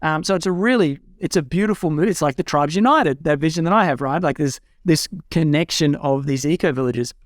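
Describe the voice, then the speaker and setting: A man's voice: a little high, brisk, hardly any pauses, no echo, studio quality. A young adult man talking casually and enthusiastically as a guest, with frequent fillers and restarts. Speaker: guest speaker. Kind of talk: casual talk. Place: home in a rural eco-village.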